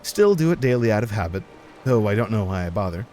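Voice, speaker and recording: A man's voice: fairly low pitch, big pitch swings, fast, mellow, a little hiss or hum. A man reading lines as a weary, resigned male harbor trader in a video game, in a gloomy, sighing way.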